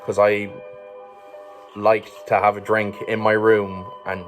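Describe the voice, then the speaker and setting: A man's voice: on the low side, flat delivery, slow pace, faint music behind. An Irish man telling a personal story as a vlogger, rambling casually with swearing, fillers and chuckles. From Ireland.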